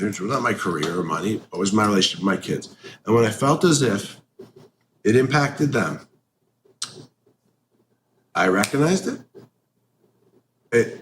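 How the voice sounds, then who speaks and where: A man of middle pitch gives a candid interview. He talks bluntly, swears freely and is animated. A faint hum of background noise sits under his voice.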